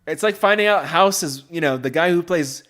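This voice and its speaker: A man hosting a podcast in casual chat, rambling and excitable, with many fillers. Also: on the high side, fairly quick. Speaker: podcast host.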